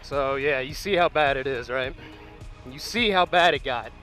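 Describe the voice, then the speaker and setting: A man's voice: medium pitch, normal speed, sharp tone, faint music behind, low-quality recording. A man giving earnest commentary, speaking directly to his viewers. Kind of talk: commentary vlog.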